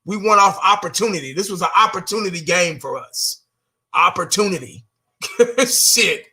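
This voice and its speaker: A man's voice: sits high, lively intonation, normal speed, sharp tone. A man giving a casual, blunt fan rant, exasperated, repeating himself and cursing now and then. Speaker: fan vlogger.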